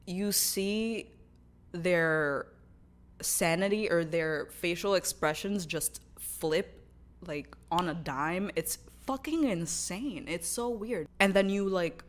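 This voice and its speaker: Woman in her twenties, anime vlogger, low-ish voice, unhurried, candid, swears freely. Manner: candid and profane, lots of fillers and restarts. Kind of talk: casual chat.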